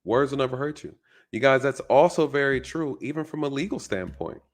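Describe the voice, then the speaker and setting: A man's voice: mid-range voice, animated, a little fast. A male channel host giving a casual, reflective commentary monologue, often repeating his phrases and checking in with "right?".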